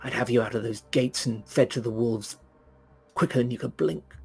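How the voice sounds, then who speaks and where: A man's voice: medium pitch, moderate pace, vocal fry, a little mellow, husky, soft background music. A man doing a sneering, arrogant young knight. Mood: sneering scorn. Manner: sneering, contemptuous. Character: arrogant slight-built young male knight.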